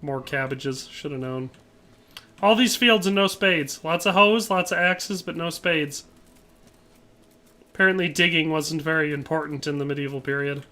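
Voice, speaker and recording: A man's voice: on the high side, moderate pace, pushed and bright. A man streaming a game, talking casually and ranting in exasperation while reading chat aloud. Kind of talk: casual gameplay commentary.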